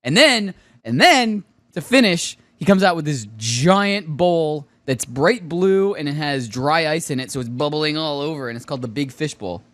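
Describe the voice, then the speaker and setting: Excitable high-voiced man telling stories. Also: normal speed, no echo. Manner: excitable storyteller, laughs often. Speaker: podcast co-host. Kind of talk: casual chat.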